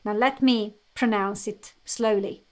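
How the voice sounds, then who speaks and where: A woman's voice: medium pitch, steady tone, measured pace. A woman with a Hungarian accent, a native Hungarian speaker, teaching English words live to her viewers and encouraging them to use them. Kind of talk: live online language lesson.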